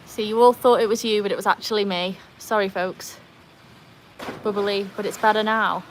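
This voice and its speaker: A woman chats casually on a livestream in her backyard by the pool, reading viewer comments and joking about herself. Her voice sits at a middle pitch. There is no external mic, only a phone, and a faint outdoor hiss hangs underneath. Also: fairly even intonation, moderate pace. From North Wales. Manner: chatty, self-deprecating, walks around the yard. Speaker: livestream host.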